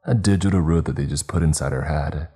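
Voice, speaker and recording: A man's voice: a bass voice, fairly quick, dark tone, breathy edge. A man voicing a teenage boy leading his classmates, speaking in an insistent, raised voice. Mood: intense. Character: urgent teenage boy leader rallying classmates.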